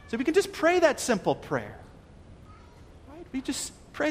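A man's voice: high-pitched, big pitch swings, fairly quick, in a large hall, slight background noise. A man preaching a sermon, earnest and questioning, often restarting his words. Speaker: pastor.

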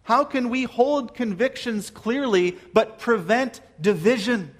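A pastor preaching a sermon to his church, earnest and measured, asking his listeners questions. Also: very high-pitched.

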